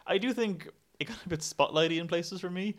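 A man's voice: high-pitched, a little fast. A male film critic chatting casually about a film, with dry, sardonic comments. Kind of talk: casual film review chat.

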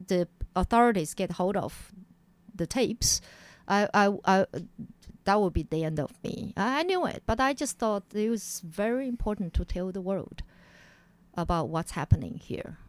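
A woman recounts her personal history during an interview at medium pitch and normal speed, in a dry recording. Animated throughout, she performs the voices of others, raising her voice for quoted lines.

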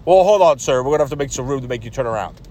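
A man's voice: medium pitch, expressive, very fast, darkish tone, pitched below the performer's own voice, natural voice. A man voicing a stern male military gate guard who talks curtly and formally, calling him sir.

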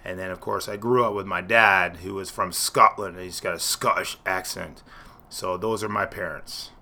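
A man's voice: sits low, fairly even intonation, moderate pace, sharp tone. A man from Ontario, Canada, a teacher and coach, introducing himself in a friendly way. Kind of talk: casual self-introduction.

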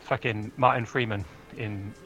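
A man's voice: on the low side, steady tone, unhurried, a bit bright, soft background music. A man co-hosting a podcast, playful and blunt in casual chat, swearing freely. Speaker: podcast co-host.

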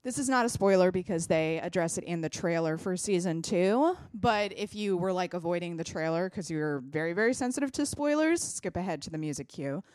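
A woman co-hosting a podcast in casual, opinionated chat, talking in an animated way and swearing casually. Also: fairly low pitch, a little fast, hardly any pauses, no room sound, clean studio sound. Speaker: podcast co-host.

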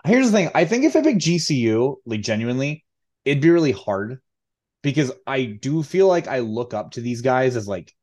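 A man's voice: medium pitch, big pitch swings, normal speed, a little mellow. A young man co-hosting a podcast, telling a story in a laid-back way, full of fillers and laughs. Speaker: podcast co-host and high school tennis coach. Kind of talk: casual storytelling chat.

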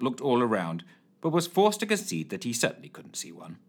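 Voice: mid-range voice, wildly swooping pitch, moderate pace, breathy edge. A storyteller giving dramatic storybook narration and voicing many characters.

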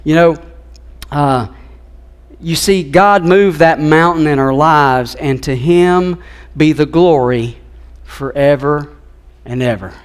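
A middle-aged man preaching from the pulpit, his somewhat high voice carrying an earnest, heartfelt storytelling tone. He moves through a family story toward a point of faith. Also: slow, long pauses, clear, resonant tone. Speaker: pastor. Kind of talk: sermon. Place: church sanctuary.

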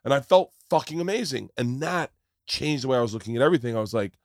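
A man hosting a podcast, chatting casually on a tour bus, animated and joking, swearing often. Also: medium pitch, fast, dry recording, studio quality. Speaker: podcast host. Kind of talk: casual chat.

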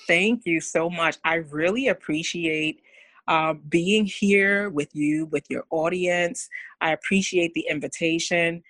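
A woman's voice: fairly low pitch, unhurried, a bit bright, no echo. A woman speaking as a guest on a podcast, earnest and candid about her own fears. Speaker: podcast guest, women's coach. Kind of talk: candid heartfelt interview talk.

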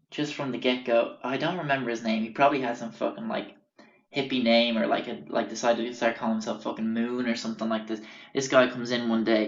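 Swearing nonstop, a young male storyteller wanders through a casual anecdote and keeps forgetting names. His voice is mid-range, and the recording is reverberant with the highs cut off.

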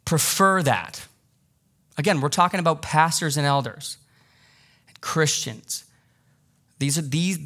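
Preaching with lots of energy, this male pastor has a slightly high voice; he performs the voices of the people he quotes and says things again to drive them home.

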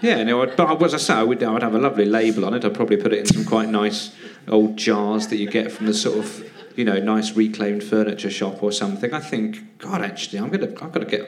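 A British comedian and actor, guesting on a live podcast from a theatre stage, tells rambling, self-deprecating anecdotes in casual chat. His lowish voice moves fast with few pauses, and he often laughs mid-sentence.

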